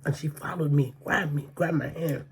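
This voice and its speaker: A mukbang vlogger from the Bronx, New York recounts a personal story to camera in a low, creaky, slightly mellow voice at a moderate pace, with a little hiss or hum. She's emphatic and repetitive in casual vlog style, checking in with "okay?" and "you know what I mean?"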